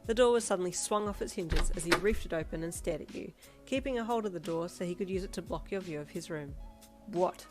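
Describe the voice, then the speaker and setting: A woman narrating a fan fiction story in an expressive second-person reading. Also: lowish voice, fast talker, music in the background. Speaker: audiobook narrator.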